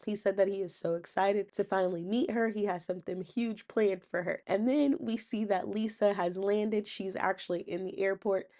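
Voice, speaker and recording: A woman's voice: medium pitch, darkish tone. A young woman hosting a casual recap channel, chatty and sassy, tossing in slangy asides as she retells the episode.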